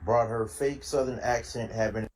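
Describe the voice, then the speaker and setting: A man's voice: medium pitch, fairly even intonation, moderate pace, darkish tone, low-quality recording. Indignant man over faint noise. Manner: indignant, incredulous. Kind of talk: casual commentary clip.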